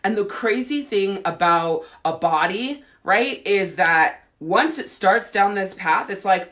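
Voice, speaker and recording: A woman's voice: medium pitch, lively intonation, slow, few pauses, a bit bright. A woman life coach on a livestream, answering viewer comments, talking bluntly with heavy swearing. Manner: blunt and heavily profane, acting out quoted voices.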